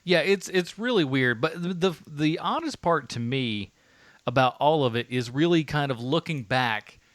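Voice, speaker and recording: A man chats casually on a movie podcast, his voice bright and close to the mic with no room sound. He stops and restarts often and laughs easily. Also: fairly high pitch, lively intonation, dry recording. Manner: halting, many restarts and fillers, laughs often. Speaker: podcast co-host. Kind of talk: casual movie-review chat.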